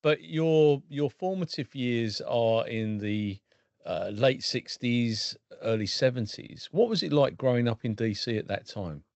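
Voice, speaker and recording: A man's voice: mid-range voice, measured pace, vocal fry, darkish tone, dry recording. A man hosting an interview podcast, asking questions in a friendly, encouraging way. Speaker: podcast host. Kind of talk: interviewing a guest. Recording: dry, dull lo-fi audio.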